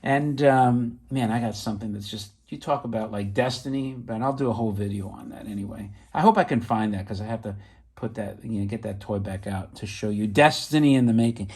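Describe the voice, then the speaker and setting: A middle-aged man casually showing off vintage toys, chatty and excitable with rambling asides. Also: on the low side, fairly quick, slightly rough. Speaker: toy collector vlogger. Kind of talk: casual show-and-tell.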